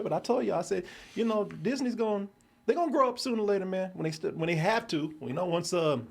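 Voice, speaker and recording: A male show host in casual, animated review chat, swearing freely and laughing often. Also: high-pitched, fast, gravelly. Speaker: podcast host.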